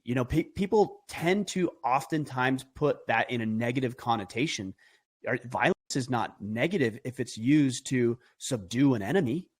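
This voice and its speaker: A man's voice: medium pitch, lively intonation, moderate pace, slightly rough. Emphatic middle-aged man making his case. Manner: earnest, emphatic, builds arguments with rhetorical questions. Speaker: podcast guest. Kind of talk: conversational podcast talk.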